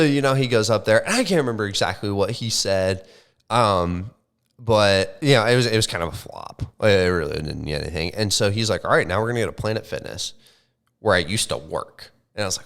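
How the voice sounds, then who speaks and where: Young man, lowish voice, loose swearing podcast storyteller, animated. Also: brisk. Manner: animated, swears often, says like and bro. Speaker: podcast co-host. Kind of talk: casual storytelling chat.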